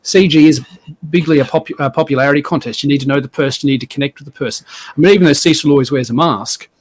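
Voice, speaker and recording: A man's voice: fairly high pitch, rapid-fire. An Australian man, a guest on a podcast, chatting casually in an easygoing, rambling way. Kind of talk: casual chat.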